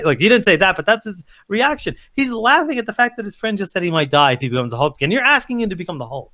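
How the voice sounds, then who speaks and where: A man's voice: sits high, big pitch swings, fast, hardly any pauses, sharp tone. A man co-hosting a casual pop-culture podcast, ranting heatedly, cursing and acting out quotes. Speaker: podcast co-host.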